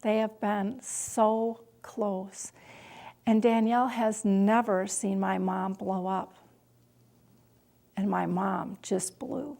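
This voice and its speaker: Slow, deliberate middle-aged woman storyteller. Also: mid-range voice, fairly even intonation, creaky. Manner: slow and deliberate, at times dropping to a hush. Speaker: caregiver telling a story. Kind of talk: personal storytelling.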